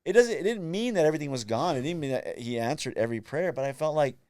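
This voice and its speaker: A man's voice: on the high side, animated, fast, a little mellow, no room sound, studio quality. A man hosting a faith podcast, telling reflective stories about prayer and quoting his own conversations. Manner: reflective, storytelling, quotes himself and friends. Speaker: podcast host.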